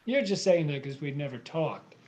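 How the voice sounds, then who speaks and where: A woman's voice: deep voice, moderate pace. Woman reading a lovesick young guy. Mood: earnest. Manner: lively, dramatic rhymed delivery. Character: lovesick young American man. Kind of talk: live play reading. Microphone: video call.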